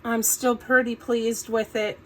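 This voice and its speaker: A woman who has only just woken up hosts a casual crafting tutorial on her craft channel, her voice groggy, chatty and folksy, full of "um"s. She speaks a little slowly in a level tone, a little high in pitch. The audio is poor.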